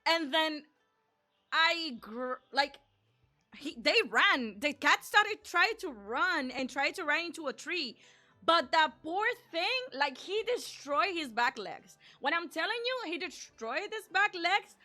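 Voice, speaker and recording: A woman streamer telling a personal story in an animated, chatty way, acting out the dialogue and saying "like" often. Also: high voice, slow pace, faint music behind. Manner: animated, acts out dialogue, frequent "like". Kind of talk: casual storytime.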